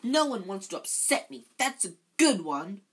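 A reader putting on a high, choked, whiny voice for a weepy, dramatic ghost girl in a read-aloud story. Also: very animated, moderate pace, noisy background, natural voice. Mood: wailing. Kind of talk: amateur read-aloud of a novel.

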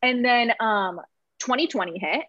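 A young woman on a podcast, telling a personal story in emotional casual chat, halting with many fillers and laughing through tears. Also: fairly high pitch, animated, a bit bright. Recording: dull lo-fi sound.

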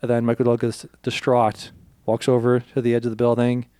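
In clean studio quality with no echo, a podcast co-host speaks in a smooth mid-range voice at a fairly quick clip. He animatedly retells a movie's plot in casual detail, acting out quotes and swearing freely.

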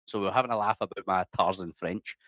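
Chatty Scottish man, low dry voice. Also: fast talker, a bit bright, no echo. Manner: chatty, swears freely, says "mate" a lot. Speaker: interview guest. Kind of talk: casual storytelling.

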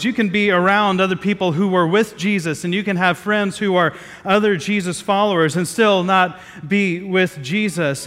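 A man's voice: high voice, a bit bright, long reverb tail. A man from Southeast Ohio preaching a sermon in a conversational way, with many fillers and restarts, gathered outdoors in a square.

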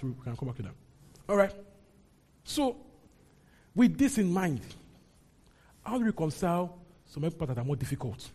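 A man teaching from the Bible to a congregation, lively and often breaking into mock outrage as he retells a story. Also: a little high, breathy edge. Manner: animated, rising into mock outrage when voicing characters. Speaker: preacher.

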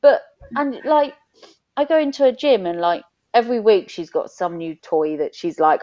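A woman's voice: fairly high pitch, animated, normal speed, darkish tone, muffled recording. A woman in her thirties, chatting openly as a podcast guest and telling stories with laughter. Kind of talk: casual chat.

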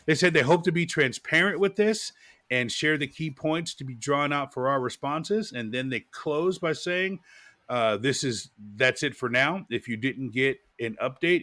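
A man co-hosting a podcast, chatting casually with an animated, joking delivery and frequent laughs. His voice sits at a middle pitch, recorded close and dry with no room sound. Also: no room sound. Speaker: podcast co-host. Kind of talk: casual chat.

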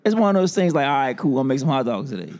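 A man in his forties chatting casually as a podcast host, animated and incredulous, full of street slang. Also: medium pitch. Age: 40s. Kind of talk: casual chat.

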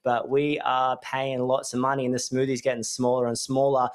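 An Australian man in his thirties hosts his own podcast. He rambles cheerfully and corrects himself as he goes, at a middle pitch. His delivery is relaxed, upbeat and chatty. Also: normal speed. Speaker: business coach and podcast host. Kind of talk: casual solo podcast talk.

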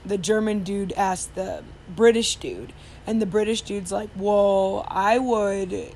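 A woman's voice: mid-range voice, a little slow, darkish tone, a little hiss or hum. Chatty woman telling a rambling story. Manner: chatty, rambling, many fillers and restarts. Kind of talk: casual storytelling.

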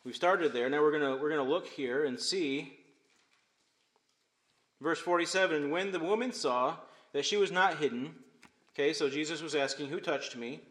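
A male pastor preaching a sermon, swinging between emphatic loud phrases and hushed, quiet ones. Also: on the high side, moderate pace, pauses often. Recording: echoey room.

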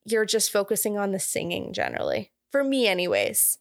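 A woman's voice: medium pitch, huge pitch swings, fairly quick, vocal fry, dry recording, clean studio sound. Chatty young woman recapping a film. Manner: chatty, laughs often, recaps plot with asides. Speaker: podcast co-host. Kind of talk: casual chat recapping a film.

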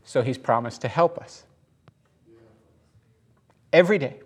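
A man preaching a conversational sermon, animated and joking as he goes. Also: medium pitch, measured pace, husky. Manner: animated, laughs and jokes mid-sentence.

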